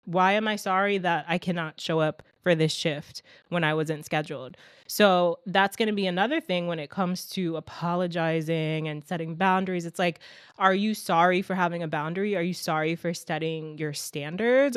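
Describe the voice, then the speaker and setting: A young adult woman hosts a casual solo podcast, talking straight to her listeners with lots of animated emphasis. Her voice sits on the lower side for a woman. The sound is close and dry, with no room behind it. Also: clean tone, dry recording. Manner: animated, talks straight to listeners, calls them "sis" and "girl". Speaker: podcast host.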